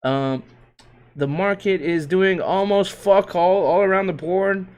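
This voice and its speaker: A man's voice: high voice, measured pace. Hyped, profane man streaming market commentary. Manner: loose, joking, profane, slangy; hype shouts and laughs while reading tickers. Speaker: crypto livestream host. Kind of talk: casual livestream market commentary.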